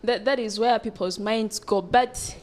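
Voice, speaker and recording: A woman's voice: a little high, fairly even intonation, a little slow. A woman with a Ugandan English accent speaking casually on a panel and often murmuring agreement. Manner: chatty, frequent agreeing murmurs.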